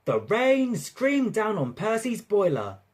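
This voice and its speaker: A narrator reading a railway storybook aloud in an expressive, lively way. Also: medium pitch, slow pace.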